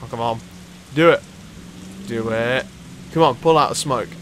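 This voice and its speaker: A young man, commentating on gameplay casually, excitable and swearing often. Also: medium pitch, moderate pace, noisy background. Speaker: let's play host.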